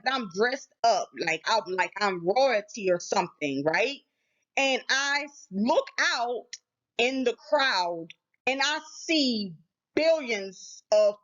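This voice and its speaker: A woman talks excitedly and casually to her viewers, her fairly high voice jumping up when she gets worked up. The recording sounds dull and lo-fi. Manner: animated, addresses viewers as y'all. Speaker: channel host. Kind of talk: casual spiritual vlog talk.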